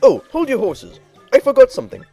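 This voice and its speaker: A man's voice: very high voice, huge pitch swings, a little fast, vocal fry, mellow, faint music behind, voice pushed up, heavily acted. A man voicing a crotchety, bossy old female tribal elder in a game playthrough, scolding and barking orders. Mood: explaining.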